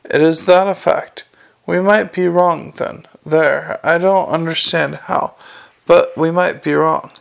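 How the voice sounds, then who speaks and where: A man doing a gruff, growling police commander. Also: on the high side, steady tone, slow pace, exaggerated voice. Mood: grim. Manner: growling, clipped and forceful. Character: gruff, weary male police commander, angry.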